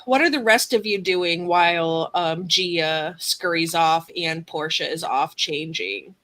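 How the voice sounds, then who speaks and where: A woman's voice: fairly low pitch, slow pace, fairly bright tone, rough recording. A woman game master narrating a tabletop role-playing session in an easygoing, encouraging way.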